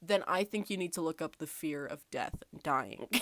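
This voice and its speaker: A woman's voice: low voice, lively intonation, moderate pace, background noise. A woman hosting a casual podcast, reading quiz questions aloud with sarcastic, swear-filled asides and frequent laughter. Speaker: podcast host.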